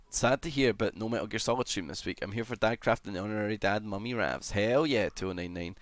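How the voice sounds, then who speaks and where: A man streaming live, chatting casually as he reads and answers comments, with sudden excited shouts. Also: lowish voice, fast, hardly any pauses, soft background music. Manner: chatty, greets viewers, bursts into excited shouts.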